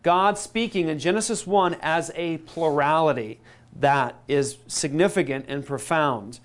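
A man preaching a teaching sermon, emphatic, slowing down and stressing key words, with quick asides in between. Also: fairly high pitch. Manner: emphatic, slows down on key words and repeats them. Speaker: pastor.

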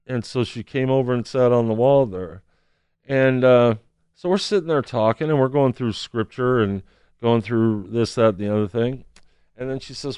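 A man's voice: medium pitch, normal speed, a little mellow, clean tone, no room sound. A man telling a personal story as a testimony, acting out the people he quotes. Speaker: street counselor.

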